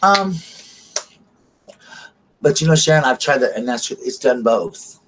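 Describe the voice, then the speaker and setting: A man's voice: medium pitch, lively intonation, unhurried, noisy background. A man chatting casually and gushingly to his live stream viewers, full of fillers. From Southern United States. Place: home at night by candlelight.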